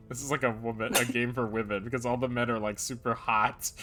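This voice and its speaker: A man's voice: medium pitch, level tone, normal speed. Guy streaming a game, goofy and giggly, faint music in the background. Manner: jokey, giggly, playful. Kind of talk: casual game-playing chat, reading lines in silly accents.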